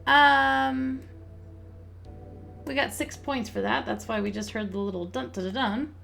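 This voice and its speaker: A woman hosting a let's-play, chatting casually and reading game text aloud in a relaxed, amused way. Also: on the high side, a little slow, vocal fry, soft background music. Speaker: host.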